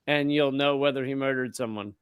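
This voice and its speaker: A man's voice: medium pitch, steady tone, brisk, clear, resonant tone, dry recording, muffled recording. A man co-hosting a podcast, talking in a blunt, profane, sardonic way. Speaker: podcast co-host. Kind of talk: casual podcast chat.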